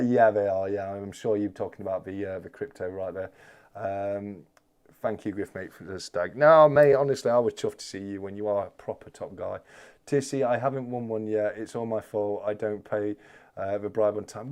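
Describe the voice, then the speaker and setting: A man's voice: mid-range voice, a little mellow. A man hosting a live stream, reading viewer comments aloud in a chatty, jokey way and calling people mate.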